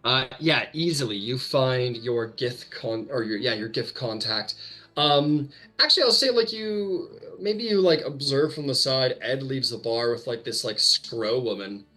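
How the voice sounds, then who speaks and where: A man's voice: mid-range voice, lively intonation, unhurried, sharp tone, soft background music. A man narrating as game master of a tabletop game, loose and full of fillers.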